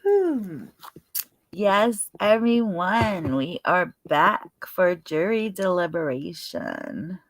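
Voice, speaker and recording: Yawning and tired, this young livestream host chats at an easy pace and calls out her chatters by name. She speaks in a fairly low, sing-song voice, with no room sound on the recording.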